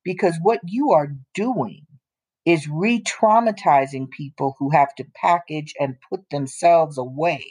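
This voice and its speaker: A woman with a fairly low voice co-hosts a casual talk show. She speaks bluntly and with emphasis, slowing down to drive her points home. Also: a little mellow, husky. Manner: emphatic, blunt, drops into slow deliberate points. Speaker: co-host. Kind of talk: casual opinion chat.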